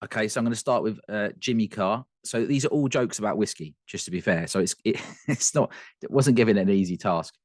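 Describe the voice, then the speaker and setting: A man co-hosting a casual whisky podcast, chatty and quick to laugh, often restarting his sentences. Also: fairly low pitch, darkish tone, no room sound, clean studio sound. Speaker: podcast co-host.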